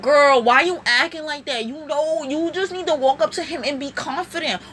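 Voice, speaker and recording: A woman's voice: high-pitched, moderate pace, fairly bright tone, a little hiss or hum. A woman voicing a sassy teenage girl with a New York / New Jersey accent, bluntly scolding in slang.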